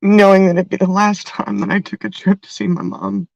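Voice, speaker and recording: Tearful middle-aged woman, gravelly voice. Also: medium pitch, level tone, a little mellow, dry recording, lo-fi sound. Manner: tearful, halting, heartfelt. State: crying. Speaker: livestream host. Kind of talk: emotional livestream talk.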